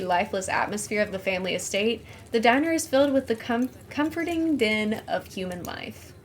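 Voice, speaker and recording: A woman streaming herself as she plays a story game, reading its narration and her choices aloud in a playful, animated way. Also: medium pitch, slight background noise. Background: game music.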